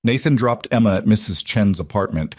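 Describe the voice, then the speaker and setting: A man giving steady, measured scripted story narration. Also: on the low side, slightly rough, no room sound, studio quality.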